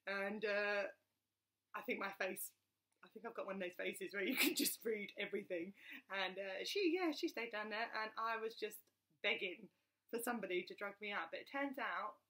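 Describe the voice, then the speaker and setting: Woman, 30s, casual vlogger, animated storyteller, crisp bright tone. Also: mid-range voice, moderate pace. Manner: chatty, animated retelling with many fillers. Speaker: mother telling her birth story. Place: at home with her young child.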